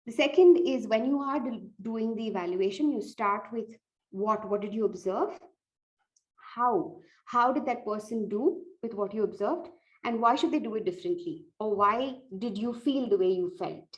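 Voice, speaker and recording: A woman's voice: a little high, normal speed, rough recording. A woman giving earnest, direct tips on evaluating speeches, restarting phrases as she goes. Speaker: speech contest coach.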